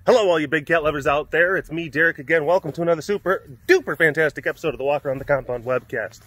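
A man's voice: fairly high pitch, rapid-fire, fairly bright tone. Rambling, jokey man talking outdoors. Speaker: vlog host at a big cat facility. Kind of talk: casual walk-and-talk vlog. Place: outdoors on a hot afternoon.

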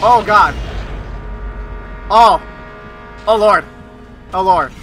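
A man commenting on his first playthrough of a horror game, excitable, yelping and swearing whenever something startles him. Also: extremely high pitch, a little slow, long pauses. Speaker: let's play gamer. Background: game music and sound effects.

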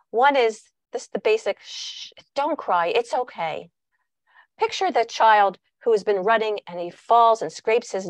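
A woman's voice: mid-range voice, dry recording. A woman giving a talk on parenting who walks listeners through an exercise and acts out quoted dialogue. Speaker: parenting workshop speaker. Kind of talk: presentational talk.

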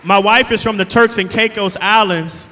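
A man, a guest pastor preaching a sermon with call-and-response and rising shouts. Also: high-pitched, steady tone, moderate pace. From Alabama, USA. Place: church sanctuary. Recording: echoey church hall with music behind.

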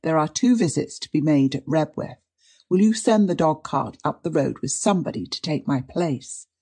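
A woman's voice: deep voice, animated, normal speed, mellow, slightly rough, heavily acted. A woman reading a brusque young country doctor. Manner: brusque, practical.

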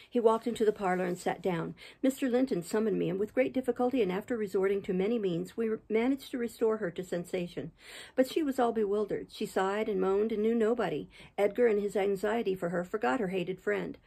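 A woman reading a classic novel aloud in a steady, measured manner. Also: medium pitch, creaky, husky, low-quality recording. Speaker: reader, channel host. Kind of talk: audiobook reading.

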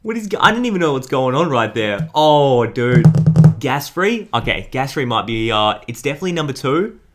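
A young man hosting an excited card unboxing, hyped and full of slang. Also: mid-range voice, moderate pace, heavy background noise. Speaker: YouTube host.

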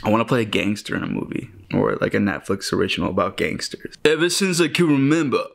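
A man's voice: fairly low pitch, animated, quick pace, vocal fry, a bit bright. A man putting on a New York accent to play a brash tough guy who dreams of gangster roles. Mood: boastful. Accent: put-on New York.

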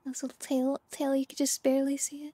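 A woman's voice: high voice, little pitch movement, fast talker, dark tone, no echo. A young woman streaming a game, chatting casually and bubbly with viewers, often giggling. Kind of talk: casual game livestream chat.

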